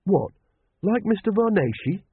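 A man plays a huge, honest youth, earnest and bewildered, pleading in a raised, brighter pitch above the reader's own. The tone is slightly husky. It all comes through a dry, thin, phone-like line. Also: big pitch swings, measured pace, no room sound, heavily acted. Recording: tinny phone-like recording.

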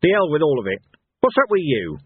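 A man voicing an old, gruff, hot-tempered barbarian hero who growls and snaps his words. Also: fairly high pitch, huge pitch swings, a little fast, dry recording, voice pushed up, exaggerated voice. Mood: scornful. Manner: growling, snapping, shouting in rage. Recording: tinny phone-like sound.

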